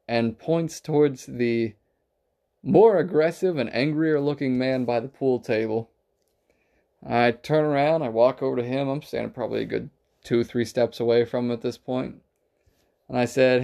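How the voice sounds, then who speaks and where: Gravelly-voiced man telling a bar story. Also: medium pitch, moderate pace, mellow. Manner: profane, rambling anecdotal delivery with acted-out quotes. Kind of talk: casual storytelling.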